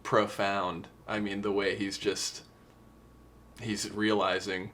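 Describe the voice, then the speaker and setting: A man's voice: on the low side, level tone, takes it slowly, fairly bright tone, slight background noise. A young man co-hosting a podcast, talking about songs in a casual, earnest and emotional way. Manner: earnest, emotional, quotes lyrics. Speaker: podcast co-host. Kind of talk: casual music discussion.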